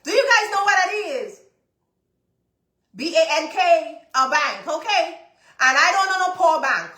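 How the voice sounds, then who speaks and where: A woman hosting a live stream, telling a personal testimony in an animated way and repeating phrases for emphasis. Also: very high-pitched, measured pace. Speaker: business coach and livestream host. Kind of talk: casual testimony to a live audience. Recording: echoey room.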